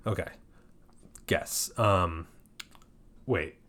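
A man's voice: low voice, extremely slow, a bit bright. A man co-hosting a podcast in casual chat, joking around and swearing easily. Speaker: podcast co-host.

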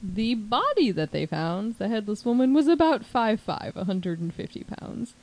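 A woman's voice: mid-range voice, normal speed, rough recording. Chatty woman telling a true crime story. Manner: chatty, animated, says "like" often, puts on voices for quotes. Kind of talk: casual storytelling chat.

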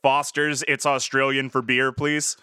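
A man co-hosting a casual, comedic podcast chat, lively and teasing. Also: mid-range voice, unhurried, smooth, dry recording, clean studio sound. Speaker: podcast co-host.

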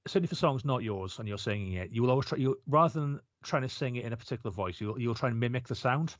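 A fast-talking man thinks aloud about a film on a podcast, often starting over mid-sentence. His voice sounds dry and somewhat dull, as on a lo-fi recording. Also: medium pitch, expressive, dry recording. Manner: quick, musing, restarts often. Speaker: podcast co-host. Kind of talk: casual film review chat.

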